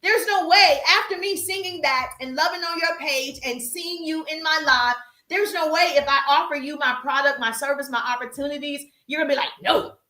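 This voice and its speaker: Woman live-stream coach, high bright voice, emphatic and repetitive, in an echoey room. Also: moderate pace. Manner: emphatic, repetitive, calls viewers "baby" and "pretty people", acts out viewers' voices. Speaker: social media coach hosting a live stream. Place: livestream while working out.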